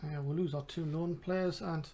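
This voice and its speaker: A man's voice: on the high side, fairly even intonation, moderate pace, warm tone. A man with an English accent, casually commentating a game and thinking aloud with mumbled asides. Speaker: gaming channel host.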